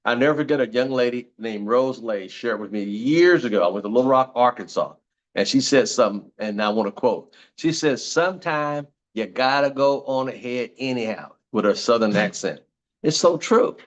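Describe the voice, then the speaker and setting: A man's voice: mid-range voice, expressive, a little fast. An older man giving a motivational talk on network marketing, repeating slogans in an emphatic, preachy way.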